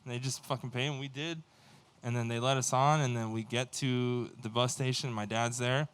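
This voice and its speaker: Smooth-voiced man telling a rowdy story. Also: mid-range voice, moderate pace. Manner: animated, profane, acts out quoted dialogue. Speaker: band member. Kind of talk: casual storytelling on a livestream.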